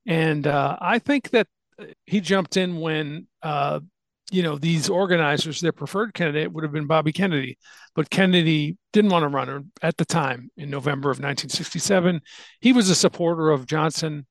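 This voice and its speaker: Gravelly man telling history in a dry room. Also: fairly high pitch, normal speed, dry recording. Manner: explains at length, with fillers and restarts. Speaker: podcast host. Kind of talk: casual history chat.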